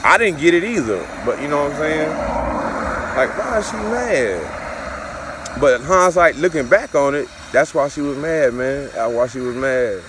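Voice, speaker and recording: A man's voice: a little high, expressive, unhurried, background noise. Dude telling a story from his life, cussing a lot, repeats himself, voice all over the place. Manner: repetitive, profane, conversational. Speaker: father telling a personal story. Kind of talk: casual storytelling to camera.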